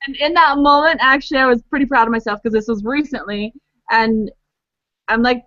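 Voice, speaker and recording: A middle-aged woman co-hosting a casual group chat, animated and quick to laugh. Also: high voice, dry recording, dull audio. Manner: animated, laughs often, plays up big expressions. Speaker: co-host.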